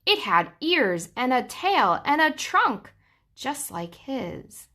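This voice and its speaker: A young woman reads a rhyming children's story aloud, taking her time and leaning into the rhythm. Her voice is bright and clear, with a lilting, sing-song flow. She lets the ends of lines fall low for effect. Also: very animated. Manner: slow, sing-song rhyming delivery with dramatic drops. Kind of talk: children's book read aloud.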